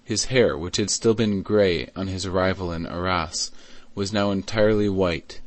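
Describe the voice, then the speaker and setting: A man reading a classic novel aloud as an audiobook in a measured, even way. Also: low voice. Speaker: audiobook reader. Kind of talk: scripted narration.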